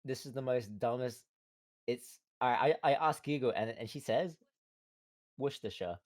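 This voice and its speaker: A man's voice: medium pitch, moderate pace, darkish tone. A man being interviewed on a livestream, friendly and giggly, who often stammers and repeats his words. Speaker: guest streamer being interviewed. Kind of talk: casual livestream interview chat.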